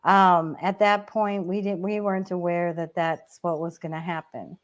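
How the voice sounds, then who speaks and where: A woman's voice: fairly low pitch, steady tone, normal speed. A woman co-hosting a casual online chat, telling personal stories and reading viewer comments, getting emotional and laughing often. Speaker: co-host.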